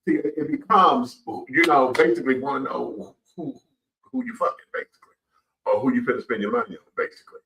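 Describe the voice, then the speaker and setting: A man's voice: mid-range voice, brisk, vocal fry, bright, forceful tone, reverberant, recorded from a distance, rough recording. A man hosting a casual radio talk show, speaking emphatically and repeating himself. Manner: emphatic, repetitive, says "child" often.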